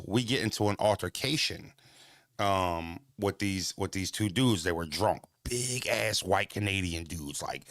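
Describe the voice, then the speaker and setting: A man's voice: lowish voice, fairly bright tone, dry recording, clean studio sound. An American man from Pennsylvania telling a story in casual chat, swearing often and laughing as he acts out the voices of others.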